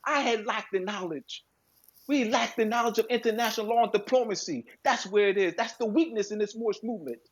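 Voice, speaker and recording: Emphatic high-voiced man lecturing. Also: fairly quick. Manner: emphatic and repetitive, restarts phrases. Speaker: guest author. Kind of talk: lecturing interview talk.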